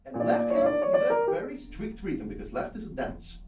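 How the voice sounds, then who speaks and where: A man coaching a piano student in a masterclass, animated and repeating short instructions, slipping into German. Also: high voice, moderate pace. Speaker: piano teacher. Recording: roomy hall from a distance with piano.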